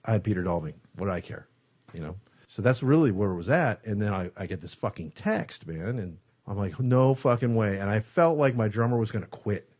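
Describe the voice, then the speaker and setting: Low-voiced man telling a story, swearing freely. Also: fairly quick, slightly rough. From San Francisco Bay Area. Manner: animated storyteller, acts out quotes, swears freely. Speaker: guest guitarist. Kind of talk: casual storytelling interview. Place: studio.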